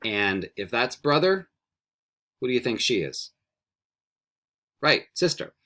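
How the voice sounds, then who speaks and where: A man's voice: medium pitch, sing-song, fairly bright tone. A man teaching a beginner Spanish video lesson, patient and encouraging, switching between English and Spanish. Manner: patient, encouraging, repeats words slowly for students. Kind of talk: recorded classroom video lesson.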